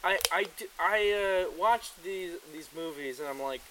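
A man co-hosting a casual podcast from a cabin, talking in an animated, profane way and laughing often. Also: high-pitched, measured pace, noisy background. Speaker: podcast co-host.

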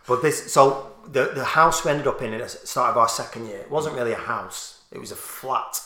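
A man in casual chat, telling a lively, profane story to a friend. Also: medium pitch, moderate pace, echoey room. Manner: animated, swearing, laughing storyteller.

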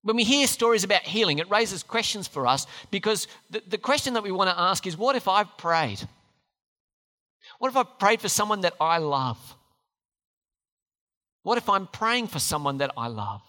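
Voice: medium pitch, expressive, normal speed, sharp tone. A preacher giving a sermon, speaking with emphasis and putting questions to the listeners. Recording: long hall reverb.

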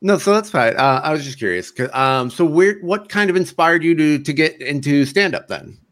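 A woman's voice: sits low, expressive, normal speed. A woman from the Boston area hosting an interview, asking questions and laughing often. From Boston area, USA. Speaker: podcast host. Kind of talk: casual interview chat.

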